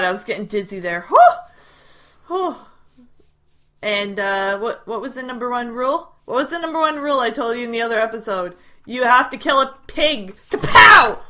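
A woman's voice: fairly high pitch, bright, forceful tone. A woman hosting a gameplay video, chatting casually to her viewers as she plays. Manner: chatty, talks to viewers while playing. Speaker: gaming video host.

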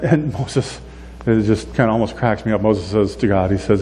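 A man preaching a sermon as a pastor, talking in a relaxed, conversational way and acting out the prayers he quotes. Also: lowish voice, normal speed, pauses often. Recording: echoey hall with faint hum.

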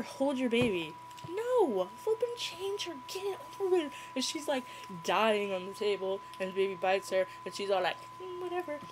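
A woman's voice: mid-range voice, a little hiss or hum, rough recording. Giggly sarcastic young woman. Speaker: movie commentator. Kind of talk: casual running movie commentary.

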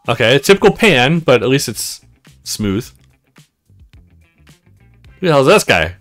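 Animated, laughing let's play host. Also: male voice, mid-range voice, a little slow, long pauses, soft background music. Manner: laughs a lot, animated, swears casually. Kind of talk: gaming commentary.

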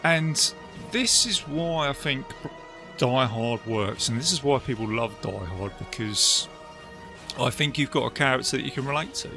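Guy on a movie podcast, bright forceful voice, rambles a lot, faint music under it. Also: medium pitch, normal speed. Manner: rambling, animated, acts out movie quotes. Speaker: podcast co-host. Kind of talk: casual film review chat.

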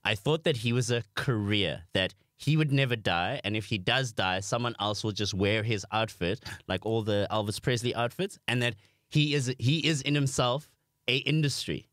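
A man's voice: mid-range voice, normal speed, no echo, clean studio sound. A young South African man with a South African accent, telling self-mocking stories as a comedy podcast guest. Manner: animated, self-mocking storyteller. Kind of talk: podcast storytelling.

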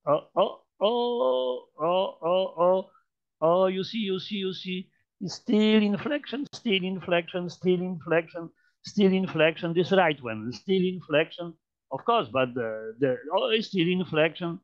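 A man with a Polish accent, a native Polish speaker, giving an informal mathematics lecture while demonstrating on a computer, halting with many fillers, restarts and repeated phrases. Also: high voice, lively intonation. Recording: dull lo-fi sound.

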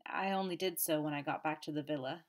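A woman's voice: deep voice, fast, natural voice. A woman voicing a flustered male army captain who speaks meekly and apologetically. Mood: sheepish. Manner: meek, apologetic.

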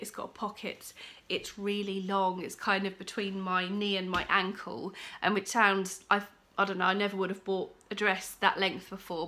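A woman's voice: mid-range voice, sharp tone. A young woman chatting casually and enthusiastically in a home vlog, rambling a little as she shows her finds. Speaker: vlogger. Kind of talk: casual chat. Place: upstairs room at home.

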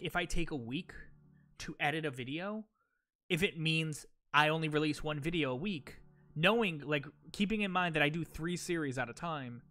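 A man chats loosely to his live stream audience as he plays, circling back on his thoughts with plenty of fillers. His voice sits a bit high and has a bright, forceful edge. Faint game music plays behind him. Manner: rambling, many fillers and restarts; talks directly to chat viewers. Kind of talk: casual live stream chat while gaming.

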